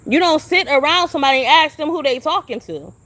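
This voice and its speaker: A woman's voice: sits high, expressive, fast, fairly bright tone. A young woman ranting on a phone live stream outdoors at a shelter, confrontational and profane, firing the same questions again and again. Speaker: livestreamer. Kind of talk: venting live-stream rant.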